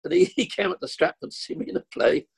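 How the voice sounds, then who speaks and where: Gravelly-voiced older actor telling stories. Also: male voice, high-pitched, fast talker. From Kilburn, London. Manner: animated, acts out the people in his anecdotes. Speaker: actor, interview guest. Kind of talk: anecdotal storytelling.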